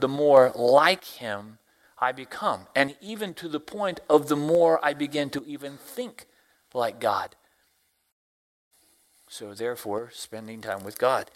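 A man preaching a sermon, a deacon and Sunday school teacher who quotes scripture slowly and swings from hushed lines to loud exclamations. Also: mid-range voice. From Tennessee, US. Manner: quotes scripture in slow, drawn-out phrasing.

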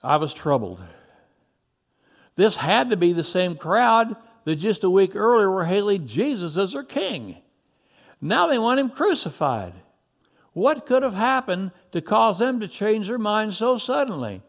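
A man narrating a dramatic first-person story, moving between excited and hushed telling. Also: high voice, a little slow.

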